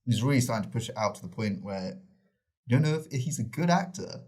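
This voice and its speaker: A man's voice: mid-range voice, animated, fast, a little mellow, slightly rough. Guy cohost gushing about a movie, keeps restarting his sentences, casual. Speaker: podcast co-host. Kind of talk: casual film review chat.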